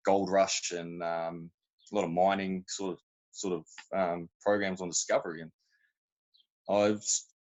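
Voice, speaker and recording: The recording is muffled, and the man's voice is deep. He's a podcast guest with a New Zealand accent, rambling through casual, self-interrupting anecdotes full of colloquial slang.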